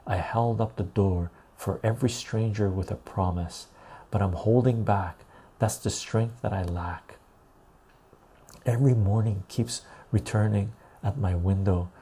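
On a quiet ASMR live stream, a man with a voice on the low side reads song lyrics from viewers. He takes it slow and soft, though his voice gets rough and cracks.

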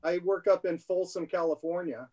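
Middle-aged guy chatting as a guest, kinda high voice, loose and rambly with lots of uh. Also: normal speed. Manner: relaxed, rambling with fillers. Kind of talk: casual interview.

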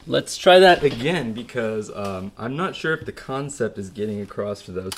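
A man hosting a solo podcast, alone in his garage on an old recorder. He rambles, jokes and mocks himself. His pitch rises and falls in a lively way. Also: normal speed, hardly any pauses, a little hiss or hum. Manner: rambling, self-mocking, jokey. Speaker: podcast host. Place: garage at home. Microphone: old-fashioned recorder.

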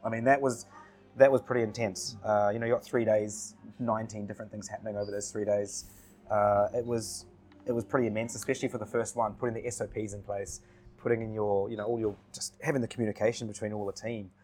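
A man who is a podcast guest in casual chat, telling stories in a relaxed way, laughing often and repeating his words. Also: fairly low pitch, quick pace, slight background noise.

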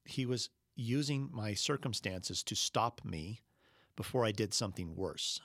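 A middle-aged man preaching a sermon, telling a personal story earnestly and slowing down when he quotes Jesus. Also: lowish voice, animated, a bit bright, no echo, studio quality. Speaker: pastor.

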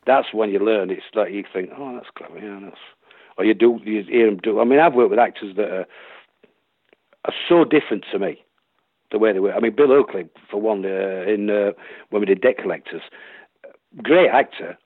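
Yorkshire actor rambling on, husky voice, tinny dry phone line. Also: male voice, fairly low pitch, moderate pace, no room sound. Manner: rambling, full of restarts and acted-out quotes. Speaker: actor, guest. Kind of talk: casual interview chat.

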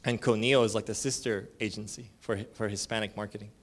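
A man's voice: lowish voice, level tone, fairly quick. A male church elder giving a conference sermon, telling stories in a casual, slangy way and acting out the people in them. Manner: casual storytelling with slang and fillers; acts out dialogue with shifting voices.

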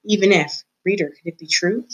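A woman teacher reading a children's book aloud to her students in a clear, expressive, measured way. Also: on the low side, rough recording.

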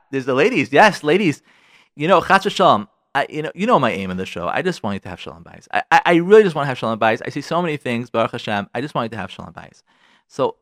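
A man's voice: mid-range voice, fairly bright tone, no echo, clean studio sound. Worked-up, frank male radio host. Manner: frank, worked up, talks straight to listeners. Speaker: radio show host giving marriage advice. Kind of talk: animated advice talk.

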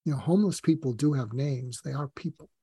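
A man's voice: medium pitch, brisk, vocal fry, dark tone, husky, dry recording. Earnest older man, dry close sound. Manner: earnest, storytelling with acted quotes, frequent hesitations. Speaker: psychiatrist guest. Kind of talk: conversational interview talk.

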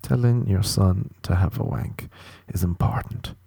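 A man's voice: low voice, a little slow, vocal fry, mellow, breathy edge, no echo. A man hosting a podcast, rambling in a crude, self-mocking comic monologue. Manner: crude, self-mocking, drifting into silly voices. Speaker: podcast host.

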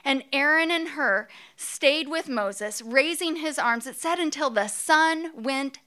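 A woman preaching a sermon in an earnest, expressive storytelling manner. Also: high-pitched, slow pace.

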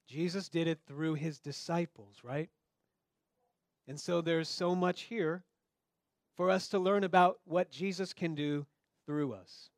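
A man's voice: on the high side, fairly even intonation, measured pace, pauses often, no room sound, studio quality. A man preaching a sermon in a conversational way, speaking straight to his listeners and acting out the voices in the story. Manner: conversational, acts out quoted dialogue. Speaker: pastor.

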